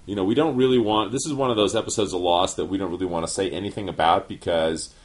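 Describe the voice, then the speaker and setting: A middle-aged man co-hosting a casual podcast chat, measured and given to hesitant restarts. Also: deep voice. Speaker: podcast co-host, show writer.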